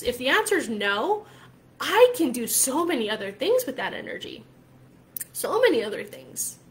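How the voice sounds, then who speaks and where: A woman's voice: high voice, a bit bright. A woman coach talking casually to her viewers, emphatic and chatty, often tagging her points with "right?" and swearing freely. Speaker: spiritual coach. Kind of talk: casual talk to camera.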